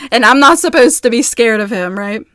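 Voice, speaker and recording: A woman talks into a phone in a casual vlog, her voice sitting a little high. She reads messages aloud in hurried bursts and breaks off with agitated, halting asides. The sound is close and dry, with no room around it. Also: bright, forceful tone, no room sound. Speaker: vlogger.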